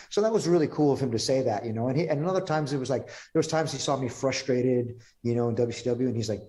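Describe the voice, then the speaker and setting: A man talking as a podcast guest, telling stories in a relaxed way, quoting others and swearing now and then. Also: medium pitch, quick pace, few pauses. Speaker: podcast guest, pro wrestler. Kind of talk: casual interview storytelling.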